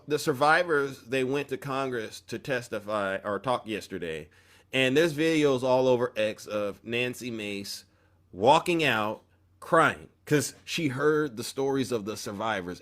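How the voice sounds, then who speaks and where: A man's voice: medium pitch, expressive, unhurried, fairly bright tone. A man hosting an opinion commentary show, talking emphatically in a preachy tone and often breaking off mid-sentence. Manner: emphatic, preachy, self-interrupting.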